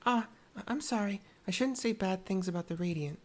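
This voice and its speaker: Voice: mid-range voice, brisk, pitched above the performer's own voice, close to an everyday voice. A gamer voicing a little girl who worships a local hero, pleading and childlike. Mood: apologetic. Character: small anxious girl who idolizes a hero.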